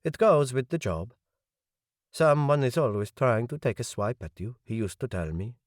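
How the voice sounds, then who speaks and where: A man's voice: medium pitch, animated, normal speed, no echo, studio quality, close to an everyday voice. A man playing a guarded grieving son.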